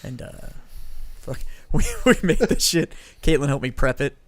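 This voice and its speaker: A man co-hosting a podcast, telling animated stories and swearing freely. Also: fairly high pitch, normal speed, a little hiss or hum. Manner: animated storyteller, swears a lot. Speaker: podcast co-host. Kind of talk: casual chat.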